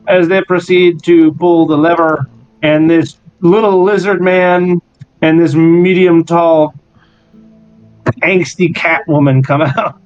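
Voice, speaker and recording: A man's voice: on the high side, fairly even intonation, takes it slowly, pauses often, a little mellow, clean tone, no echo, lo-fi sound, soft background music. A man narrating a tabletop game as game master over an online voice call, in a loose, laughing style.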